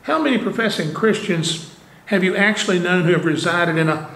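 A man's voice: sits high, lively intonation, fairly quick, vocal fry, fairly bright tone, a little hiss or hum. A man preaching a sermon as pastor, earnest, with rhetorical questions and conversational asides, recorded in a church sanctuary. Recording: roomy church echo.

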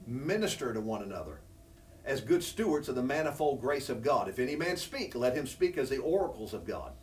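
A man preaches a sermon, teaching from scripture in an earnest, conversational way that rises when he presses a point, while the congregation responds. His mid-range voice is sing-song and fairly quick, picked up from a distance.

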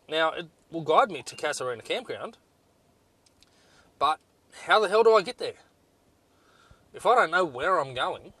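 A man's voice: fairly high pitch, fairly bright tone, no room sound. A man reviewing off-road navigation gear in a casual vlog, blunt and exasperated, with lots of ums. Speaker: 4WD touring vlogger.

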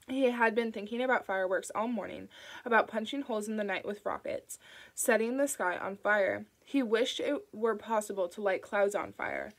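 A woman narrating an audiobook in a calm, even storytelling manner. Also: mid-range voice, normal speed, rough recording. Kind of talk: audiobook reading.

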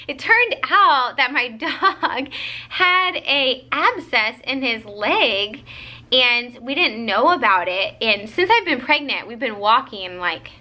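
A young woman vlogger, tired, chatting casually to camera and telling a story in an animated way with lots of fillers. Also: a little high, slow.

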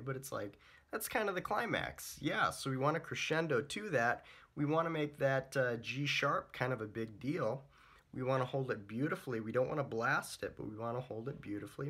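Young guy explaining trumpet etudes, laid-back chat, bright kinda husky voice. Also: medium pitch. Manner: chatty, relaxed, scats and sings phrases. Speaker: trumpet teacher. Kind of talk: casual music lesson.

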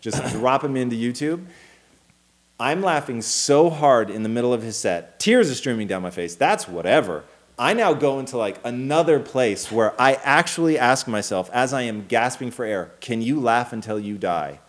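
A man in his thirties co-hosting a casual talk show, telling a story with animated energy, acting out quotes and swearing freely. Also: mid-range voice, normal speed. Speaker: co-host.

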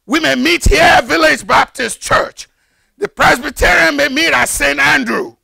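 An older man preaching a fervent sermon as pastor, building to shouted, repeated lines. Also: very high-pitched, measured pace, vocal fry, no room sound, studio quality. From Nigeria. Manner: fervent preaching, rises to shouted emphasis and repetition.

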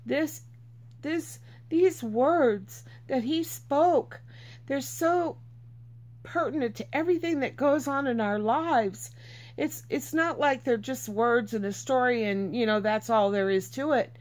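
A woman's voice: sits high, slow, darkish tone. A woman reading Bible verses aloud and teaching from them in an earnest, informal way, repeating herself for emphasis.

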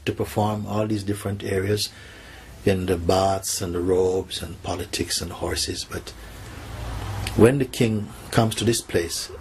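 A man, a spiritual teacher, telling a teaching story softly and acting out the characters' lines. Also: deep voice, steady tone, a little slow, slight background noise.

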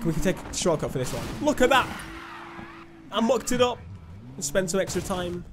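A man's voice: high-pitched, sing-song, normal speed, noisy background. A young man giving chatty, self-mocking commentary while playing a video game. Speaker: gaming YouTuber. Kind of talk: let's-play commentary. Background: game music.

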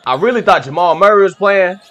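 Excitable high-voiced young man reacting. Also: fairly quick. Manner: excitable, slangy, laughs often. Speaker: reaction video host. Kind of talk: casual reaction commentary.

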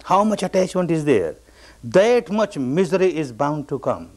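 A man's voice: fairly high pitch, big pitch swings, normal speed, darkish tone. An older man from Burma, a meditation teacher giving a spoken dharma talk, telling stories with emphatic repeated refrains. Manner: repetitive and emphatic, storytelling with refrains.

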